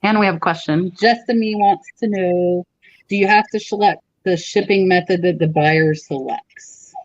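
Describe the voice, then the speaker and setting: A woman's voice: on the low side, moderate pace, no room sound. A woman hosting a casual live chat, talking in a loose, chatty way full of fillers as she reads out viewer questions. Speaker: host. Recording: dull lo-fi call line with glitches.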